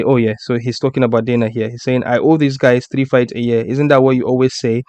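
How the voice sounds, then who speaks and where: Male streaming host, clear resonant voice, dry close sound, chatty and easily amused. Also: medium pitch, little pitch movement, fast talker, hardly any pauses, a little mellow, no echo. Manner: laughs often, reads tweets aloud. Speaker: podcast host. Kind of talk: casual live-stream chat.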